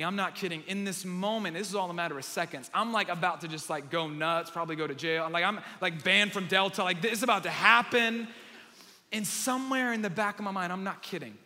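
A man preaching a sermon, telling a lively story and then praying earnestly over a congregation. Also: high-pitched, brisk. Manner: animated storyteller, earnest in prayer. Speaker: pastor. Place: large room with congregation. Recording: long hall reverb.

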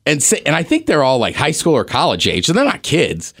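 A man co-hosting a podcast, telling excited stories and laughing a lot in casual sports chat. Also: on the high side, a little fast. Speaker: podcast co-host.

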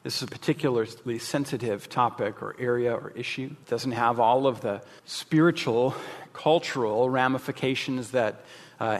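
A man's voice: mid-range voice, big-room sound. A male pastor giving a sermon, candid and jokey, with emphatic asides.

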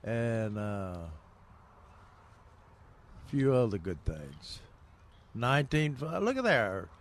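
A man's voice: mid-range voice, very animated, takes it slowly, slight background noise. An older man co-hosting a gardening radio show, telling rambling stories with lots of fillers and chuckles. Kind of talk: casual radio chat.

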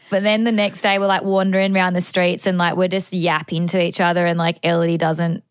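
A woman's voice: on the low side, a little fast, few pauses, clear, resonant tone, no echo. Young woman telling a story, dry sound. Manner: lively storyteller, swears, laughs. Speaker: podcast co-host. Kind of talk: casual storytelling chat.

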